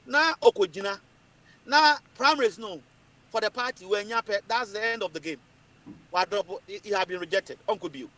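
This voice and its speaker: A Ghanaian man holds forth on politics in a high voice that swoops up and down. He talks emphatically and keeps repeating his points. He drifts between English and Twi as he argues. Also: animated, moderate pace, pushed and bright. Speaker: political commentator. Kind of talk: animated political talk.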